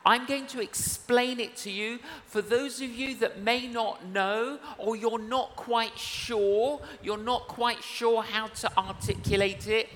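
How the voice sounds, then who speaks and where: Slow-talking male evangelist in a hall. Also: very high-pitched, sharp tone. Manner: slow, earnest, acts out dialogue in anecdotes. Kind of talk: sermon with storytelling. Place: church service. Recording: reverberant church hall with faint noise.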